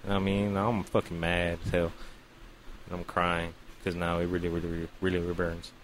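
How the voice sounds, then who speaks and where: This is a man with a fairly low voice, spinning a crude story for his co-hosts. He is animated and profane and keeps acting out his own reactions. A faint ambient hum sits underneath. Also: fairly quick. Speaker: podcast co-host. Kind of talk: casual storytelling.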